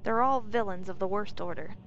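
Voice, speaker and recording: A woman reading as a scornful gruff Nord man. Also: mid-range voice, a little fast, a little hiss or hum, natural voice. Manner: contemptuous, muttering. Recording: dull lo-fi recording, faint music.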